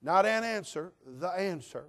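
A pastor preaching a sermon in a folksy, emphatic style, swinging between hushed asides and loud declarations. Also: male voice, sits high, expressive, measured pace.

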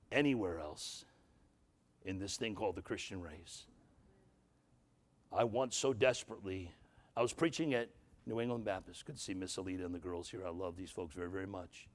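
An older man, a grandfather, preaching a sermon to a church with folksy jokes and rising, emphatic exhortation. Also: on the low side. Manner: folksy, joking asides, rises to emphatic exhortation.

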